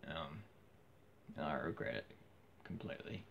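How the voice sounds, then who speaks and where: Hoarse, gravelly deep-voiced Australian man. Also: animated, moderate pace. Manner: rambling, frequent restarts and fillers. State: hoarse, losing his voice. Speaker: vlogger. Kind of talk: casual rambling monologue. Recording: dull lo-fi with faint hiss.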